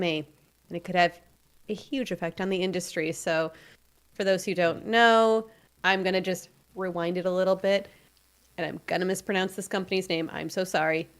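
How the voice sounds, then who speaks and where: A woman's voice: lowish voice, moderate pace. A woman co-hosting a podcast, chatting casually and laughing easily as she walks through news step by step. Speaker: podcast co-host. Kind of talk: casual chat.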